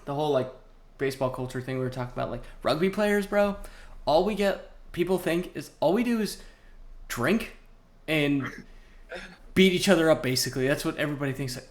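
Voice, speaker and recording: A man's voice: on the high side, brisk. A young man co-hosting a podcast, telling sports stories in a rambling, casual way with lots of fillers. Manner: rambling, animated storytelling with frequent fillers. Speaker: podcast co-host. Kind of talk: casual chat.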